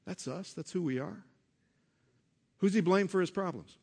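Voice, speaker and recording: Dynamic preaching man, higher-pitched voice. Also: moderate pace, creaky, darkish tone, husky. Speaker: pastor. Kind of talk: sermon.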